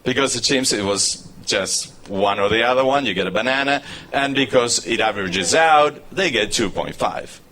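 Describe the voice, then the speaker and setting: A male university lecturer with an Argentine Spanish accent, a native Spanish speaker, giving a live public lecture in English with animated storytelling and frequent restarts. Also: mid-range voice, moderate pace, few pauses, slight background noise.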